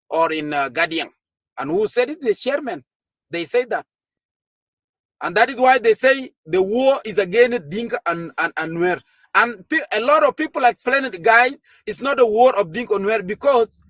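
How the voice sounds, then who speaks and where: Man, high voice, dry close sound, fiery party official asking rhetorical questions. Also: fairly bright tone, dry recording. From South Sudan. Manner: fervent, rhetorical questions, frequent hesitations. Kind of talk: impassioned political speech to a gathering.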